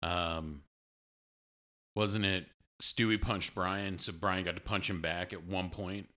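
Deep-voiced man with a bright, lively voice. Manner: easygoing, quick to laugh, hedging "like" and "I mean". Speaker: podcast co-host. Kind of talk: casual chat. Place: office.

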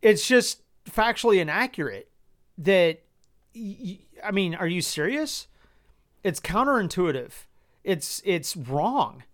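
A man's voice: high-pitched, very animated, takes it slowly, a bit bright. A man hosting a personal podcast, speaking in exasperated, incredulous tones, swearing often and restarting his sentences. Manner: incredulous rhetorical questions. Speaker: podcast host.

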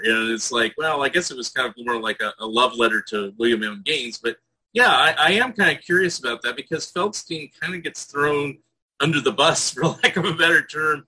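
A man's voice: medium pitch, pushed and bright, husky, low-quality recording. A man hosting an interview, asking long, rambling, hedging questions. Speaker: interviewer, host.

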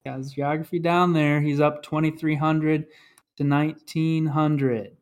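A man's voice: on the high side, steady tone, a little slow. A man hosting a casual podcast trivia game, reading clues and announcing scores.

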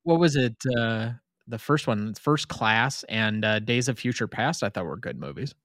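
A man's voice: lowish voice, lively intonation, normal speed, a bit bright, no echo, clean studio sound. A man co-hosting a casual movie podcast, laid-back with short wry remarks. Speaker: podcast co-host.

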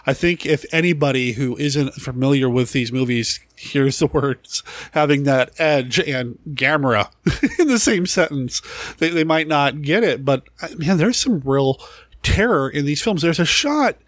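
A man's voice: on the high side, animated, a little slow, fairly bright tone, no room sound. A man co-hosting a podcast, chatting casually about old monster films with frequent laughs and restarts. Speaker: podcast co-host. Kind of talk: casual film discussion.

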